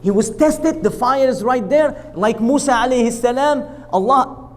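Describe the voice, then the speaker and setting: A man's voice: very high-pitched, moderate pace. A man giving a storytelling lecture at a mosque, acting out the quoted speech, with non-native English grammar. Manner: animated retelling that acts out quoted speech. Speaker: lecturer at a mosque family night.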